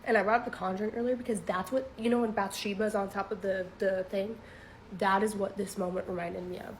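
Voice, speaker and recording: A woman's voice: mid-range voice, steady tone, a little fast, slight background noise, rough recording. Chatty young woman telling a scary story. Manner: chatty, filler-heavy, laughs nervously, swears. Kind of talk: casual storytime.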